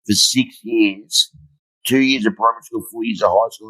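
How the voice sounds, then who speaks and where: A man's voice: lowish voice, steady tone, moderate pace, sharp tone, poor audio. A middle-aged man, a motivational speaker, telling blunt, humorous stories in an interview and swearing freely. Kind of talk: storytelling interview.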